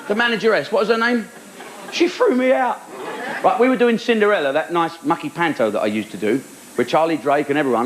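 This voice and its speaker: Male stand-up, 40s, cheeky anecdotal delivery, high-ish voice, noisy live recording. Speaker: stand-up comedian. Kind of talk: stand-up storytelling. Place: live theatre with audience.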